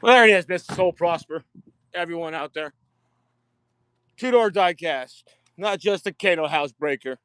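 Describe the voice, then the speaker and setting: A man giving a casual live-stream tour of his diecast collection, excitable, swearing freely and repeating himself. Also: on the high side, normal speed, long pauses, smooth, no echo. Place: home storage rooms and outdoors at night.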